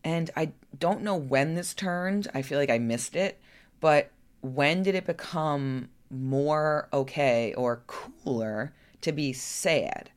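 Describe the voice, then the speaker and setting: A woman's voice: sits low, takes it slowly. A woman coach talking candidly in a personal vlog, frank and chatty, now and then cursing and asking rhetorical "right?" questions. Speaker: lifestyle coach.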